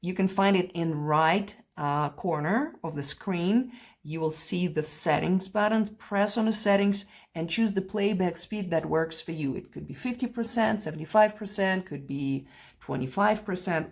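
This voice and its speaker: A piano plays faintly behind a woman whose creaky voice sits on the low side as she talks at a moderate pace. She's teaching a play-along lesson, patiently covering phrasing, counting beats out loud, and letting out the odd light laugh.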